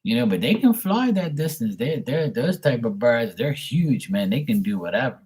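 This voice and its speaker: Husky-voiced man rambling. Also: medium pitch, big pitch swings, normal speed, a little mellow. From Bermuda. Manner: rambling, profane storyteller answering viewers. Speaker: tarot reader livestream host. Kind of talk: casual livestream chat.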